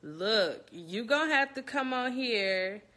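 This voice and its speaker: Brief: young woman, chatty and jittery, bright voice, slow delivery. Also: fairly high pitch, lively intonation. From Louisiana. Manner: nervous, chatty, talks straight to viewers. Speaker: interviewer. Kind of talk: casual chat. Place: home, indoors.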